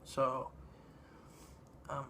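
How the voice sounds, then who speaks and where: A man giving a casual spoken movie review, halting and meandering, with lots of ums and uhs. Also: bright, forceful tone, slight background noise. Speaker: film reviewer.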